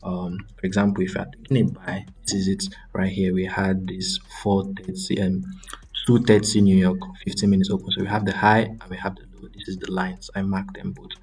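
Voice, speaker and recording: A man's voice: deep voice, completely flat delivery, fairly quick, a little mellow, breathy edge. A young man hosting a trading channel, casually talking through a live screen-share trade breakdown with frequent ums and self-corrections.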